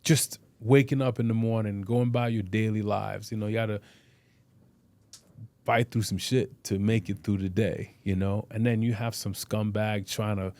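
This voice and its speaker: A man's voice: on the low side, steady tone, moderate pace, a little mellow, no echo. A middle-aged man, a guest on a podcast, telling boxing stories bluntly and profanely in casual interview talk, with lots of restarts and "you know". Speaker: podcast guest, boxer and fitness trainer.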